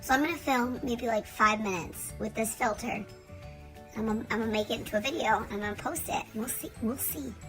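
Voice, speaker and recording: A woman's voice: a little high, a little fast, soft background music, rough recording. A woman in her thirties chatting casually to camera in a rambling, joking, profane way. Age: 30s. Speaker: vlogger.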